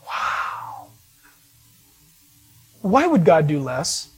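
A man preaching a sermon, telling stories with animated delivery and acting out the voices of people he met. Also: sits high, unhurried, faint music behind. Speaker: pastor.

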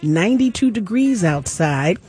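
A woman hosting a jazz radio show, making lively pledge appeals to listeners and interviewing a guest in the studio. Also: mid-range voice, measured pace, faint music behind. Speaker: radio host. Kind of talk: public radio pledge-drive talk.

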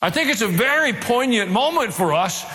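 A man's voice: extremely high pitch, very animated, normal speed, bright, forceful tone. A male pastor preaching a sermon, earnest, with dry asides and a rise to emphatic, fervent delivery. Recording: reverberant hall.

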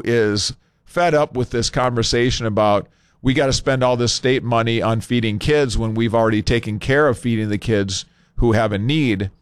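A male talk radio host speaks loosely into a studio microphone, thinking aloud with scattered fillers. His voice is smooth and resonant, and it sits close and dry with no room sound. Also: medium pitch, dry recording. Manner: conversational and unscripted, pausing with fillers.

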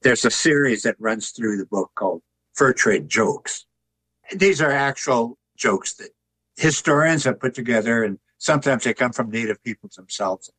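An older man, an author and artist, telling stories in a relaxed, folksy interview. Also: medium pitch, normal speed, husky, dry recording, poor audio. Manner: folksy, tells jokes with put-on voices.

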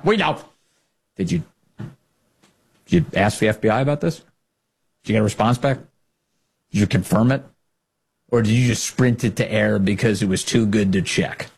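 A man's voice: medium pitch, animated, normal speed, vocal fry, pauses often, breathy edge. A man hosting a political commentary show, mocking and incredulous, firing off rhetorical questions. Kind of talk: sarcastic commentary monologue.

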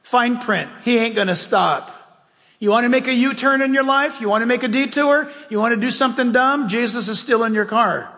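A man's voice: extremely high pitch, fairly quick, pushed and bright. A man pastor preaching a sermon in a church, emphatic and conversational with folksy asides. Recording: long reverb of a large hall.

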